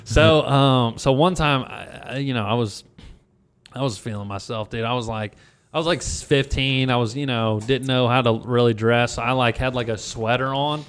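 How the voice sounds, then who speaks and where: A man's voice: medium pitch, moderate pace, smooth. A young man from Louisiana, a guest comedian, telling a rambling story in casual podcast chat, full of swearing and fillers.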